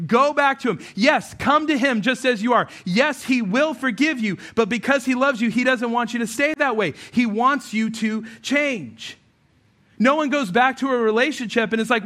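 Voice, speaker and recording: A male pastor delivers a sermon in a high, ringing voice. He swings from intense, rising appeals to loose, joking asides full of fillers. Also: moderate pace, fairly bright tone.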